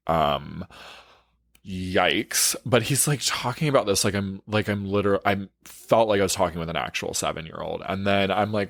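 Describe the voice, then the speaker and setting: A man's voice: sits low, moderate pace, creaky, fairly bright tone, no room sound, studio quality. A man, a relationship coach, telling a frank, profane story in a casual storytime, full of "like" fillers.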